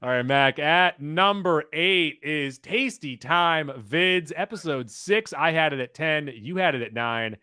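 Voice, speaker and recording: A man co-hosting a casual chat, announcing sketch rankings with quick asides. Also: on the high side, animated, bright, forceful tone, clear, resonant tone, dry recording, studio quality. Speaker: podcast co-host.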